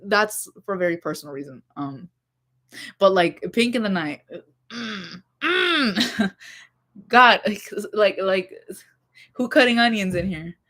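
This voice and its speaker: A young woman talks through her favorite songs in a loose, rambling vlog chat, full of "um" and "like" and little laughs. Her voice is bright and forward, sitting at an ordinary pitch for a woman. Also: lively intonation, slow, long pauses. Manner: rambling, many fillers, laughing asides. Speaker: vlogger. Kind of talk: casual chat about music.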